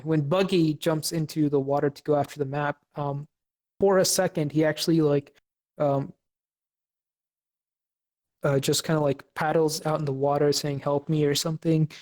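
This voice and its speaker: A man's voice: on the high side, a little mellow. A young man co-hosting a podcast, casually recapping an episode with lots of fillers and restarts. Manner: halting, many fillers and restarts. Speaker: podcast co-host.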